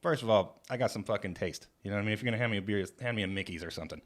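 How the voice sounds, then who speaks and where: A man workshopping a stand-up story in a casual comedy writing session, animated and profane, shouting out the lines he quotes. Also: on the low side, very fast.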